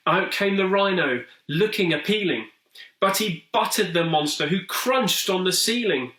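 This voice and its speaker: Man reading a rhyming kids story, sing-songy and slow, echoey room, mic far off. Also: high-pitched, lively intonation, pushed and bright. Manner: sing-song, rhythmic. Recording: roomy echo, distant mic.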